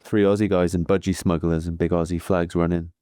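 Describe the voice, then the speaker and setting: A man's voice: deep voice, little pitch movement, a little fast, dark tone, smooth, dry recording, studio quality. A Welsh man co-hosting a cycling podcast, telling stories in a laid-back, chatty way. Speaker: podcast co-host, pro cyclist. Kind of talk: casual podcast chat.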